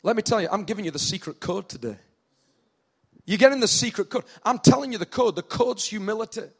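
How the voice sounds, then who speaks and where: A man with a northern English accent preaching a sermon, animated, acting out the people in the story with rising intensity. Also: sits high, a little fast, slightly rough. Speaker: pastor.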